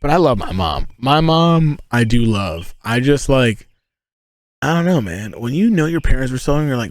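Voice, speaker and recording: A livestreamer in his thirties sits inside a tent, spinning profane, rambling stories with animated energy. He has a mid-range voice and talks at an ordinary pace.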